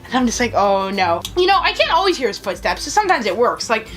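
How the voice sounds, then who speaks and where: A woman's voice: sits high, big pitch swings, racing, fairly bright tone, faint music behind. A woman hosting her own channel, chatting casually and telling stories while answering viewer questions. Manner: chatty, storytelling, frequent "like" fillers. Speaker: vlogger host.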